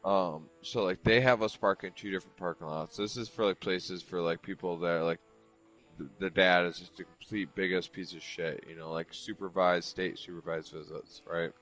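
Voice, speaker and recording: A man's voice: low voice, steady tone, normal speed, fairly bright tone, faint music behind, rough recording. A man telling a long story in casual chat while gaming, rambling, swearing freely and leaning on "like" constantly. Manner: rambling, profane, heavy use of "like". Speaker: streamer chatting while gaming.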